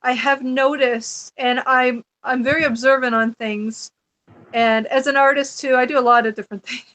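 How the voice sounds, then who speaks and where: Animated, chatty high-voiced woman. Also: normal speed. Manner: animated, chatty, laughs often. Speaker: podcast guest. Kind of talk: casual storytelling chat.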